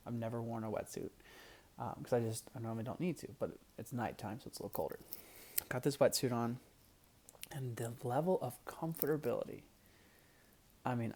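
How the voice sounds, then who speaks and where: In a medium-pitched voice, a young man chats casually to the camera about something that happened to him. He's animated and laughs often, slipping into hushed asides from time to time.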